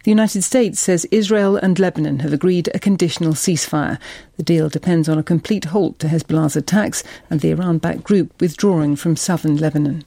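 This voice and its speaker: A woman reading a formal radio news summary in a steady, measured way. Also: low-pitched, vocal fry, no room sound. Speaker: newsreader.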